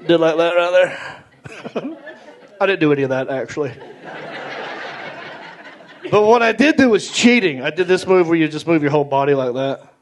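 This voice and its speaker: Animated man doing stand-up. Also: fairly high pitch, normal speed, long pauses, slight background noise. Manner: animated storytelling, acts out others in big voices. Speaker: stand-up comedian. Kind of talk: stand-up comedy set. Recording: live club recording, roomy, loud crowd. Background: audience laughter.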